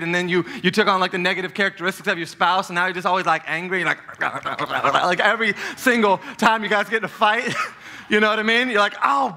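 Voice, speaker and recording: A man preaching a sermon as pastor, talking in a lively, conversational way and joking with the congregation in a church. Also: high voice. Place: church sanctuary.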